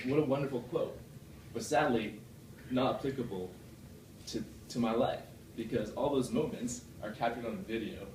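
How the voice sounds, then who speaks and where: A man giving a rambling, self-deprecating club speech full of fillers and restarts, recorded from across a meeting room. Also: noisy background. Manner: puts on a deeper voice from the chest. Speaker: club speaker. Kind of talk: prepared speech. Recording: echoey room from far off.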